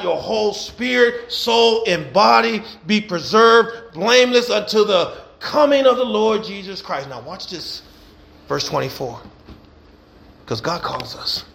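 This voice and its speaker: A high-pitched male pastor preaching, his voice gravelly and rough. He drives his points home through repetition and emphatic call-outs to the congregation. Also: measured pace, a bit bright. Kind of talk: sermon.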